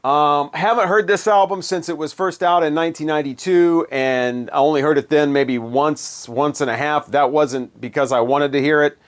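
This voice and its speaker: A man's voice: on the high side, normal speed, hardly any pauses. A man giving a casual spoken album review in a sarcastic, dismissive, rambling way.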